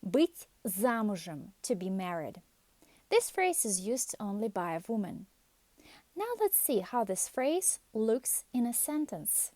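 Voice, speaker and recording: A woman reading a scripted beginner language lesson, calmly explaining grammar rules and example phrases. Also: medium pitch, slow pace, no echo. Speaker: language teacher.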